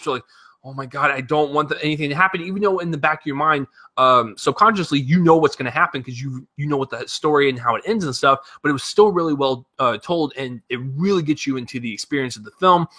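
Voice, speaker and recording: Bright, profane man ranting about a film. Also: a little high. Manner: animated, profane, rambling with many fillers. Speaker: film reviewer. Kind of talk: casual spoken movie review.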